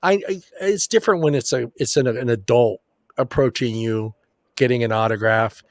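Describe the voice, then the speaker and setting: A man's voice: medium pitch, normal speed, no echo, clean studio sound. A man co-hosting a casual sports chat show, telling long rambling stories and swearing casually. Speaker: podcast co-host.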